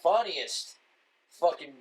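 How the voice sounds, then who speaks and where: A man hosting a casual podcast chat, excitable and heavy on profanity, often exclaiming. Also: fairly high pitch, slow pace, noisy background. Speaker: podcast host.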